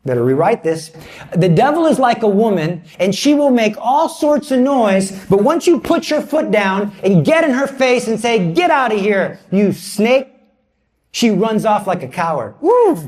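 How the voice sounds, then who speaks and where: A man with a high voice preaches an animated sermon. He mixes comic storytelling and quick asides with earnest exhortation, acting out the voices in his stories.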